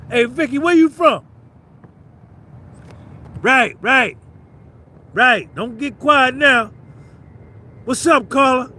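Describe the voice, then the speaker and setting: A man's voice: extremely high pitch, takes it slowly, pauses often, bright, forceful tone, slight background noise. A man with a New Jersey accent, hosting a casual livestream and rambling with viewers in profane banter. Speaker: livestream host.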